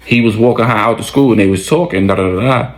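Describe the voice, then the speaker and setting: A man casually telling a story, slangy and conversational, with animated retelling. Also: on the low side, fast talker, poor audio.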